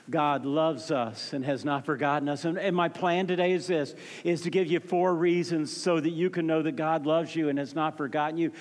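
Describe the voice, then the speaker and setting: A man preaching a sermon as pastor, emphatic and fervent, swinging from loud peaks to soft, low passages and often repeating words as he starts a phrase. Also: steady tone, brisk. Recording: long hall reverb.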